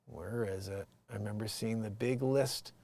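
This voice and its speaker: Rambling man muttering then shouting. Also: lowish voice, moderate pace, vocal fry. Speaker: livestream host. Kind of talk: casual livestream commentary.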